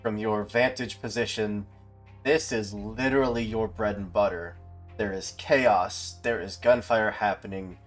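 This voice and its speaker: A man's voice: lowish voice, steady tone, unhurried, soft background music. A man narrating and running a tabletop role-playing game as game master, describing scenes with encouraging energy.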